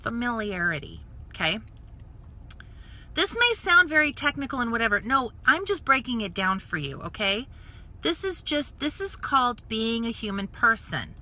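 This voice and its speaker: A woman from the United States telling a story in a casual, animated live stream, acting out voices and dropping into whispered asides. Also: fairly high pitch, normal speed. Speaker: network marketing coach. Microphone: phone or webcam live stream.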